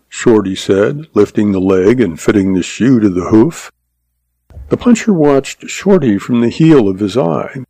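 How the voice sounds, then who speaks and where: A man reading a Western novel aloud as narrator in an even, unhurried way. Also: on the low side, no echo. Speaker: audiobook narrator.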